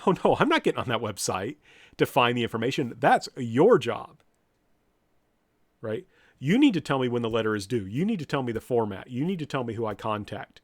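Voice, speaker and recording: A man's voice: mid-range voice, fast talker, dry recording, clean studio sound. A man, a professor, lecturing students bluntly and directly, now and then acting out what people say. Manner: blunt, direct, with lively mock-quotes.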